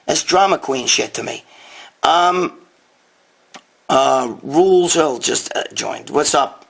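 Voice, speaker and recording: A man's voice: a little high, measured pace, gravelly, fairly bright tone, husky. A man hosting a casual live Q&A from his dining room, talking bluntly and profanely into a handheld phone. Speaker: host.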